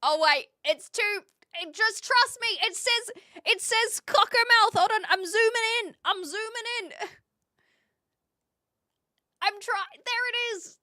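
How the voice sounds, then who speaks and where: Bright high-voiced New woman streamer. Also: unhurried, no echo, clean studio sound. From New Zealand. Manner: chatty, animated, frequent fillers and restarts. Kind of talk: casual live-stream chat reading viewer messages.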